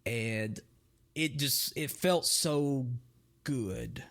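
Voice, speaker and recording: A man's voice: mid-range voice, very slow, fairly bright tone. Movie podcast guy, mid voice, jokey, kinda rambles and loses his point. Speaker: podcast co-host. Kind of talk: casual movie review chat.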